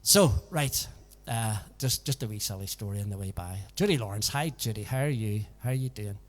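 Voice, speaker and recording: A man's voice: fairly low pitch, fairly quick. A man hosting a casual live music stream from his home, chatting in a folksy way and tagging his sentences with "so it did". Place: home in a village. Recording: long reverb with backing music.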